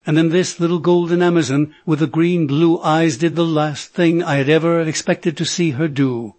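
Male audiobook narrator, steady measured read, slightly high voice. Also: no echo. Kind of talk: scripted narration.

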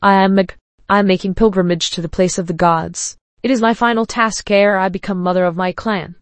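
A woman's voice: mid-range voice, fairly even intonation, a little fast, no room sound, lightly acted. A woman reading the part of a proud, haughty young priestess in a spoken story. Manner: haughty and commanding.

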